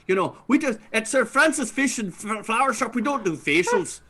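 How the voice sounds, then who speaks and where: Guy doing improv, high bright voice, bounces all over, goofy and playful. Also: normal speed. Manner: playful, animated, drifts into accents. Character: male scuba instructor at a fish and flower shop. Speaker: improv performer and host. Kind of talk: improv comedy scene and game intro.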